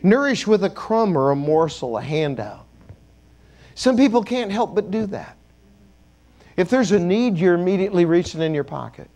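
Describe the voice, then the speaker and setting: A man's voice: sits high, very animated, moderate pace, darkish tone. A man preaching a sermon as a bishop in a church, joking and calling on the congregation to repeat words after him.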